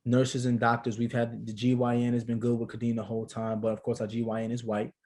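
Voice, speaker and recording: A man speaks as a podcast guest, telling a personal story with lively, slangy energy. His voice sits at an ordinary middle pitch. The tone stays conversational and relaxed. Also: fast talker. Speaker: podcast guest, father and actor. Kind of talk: casual storytelling.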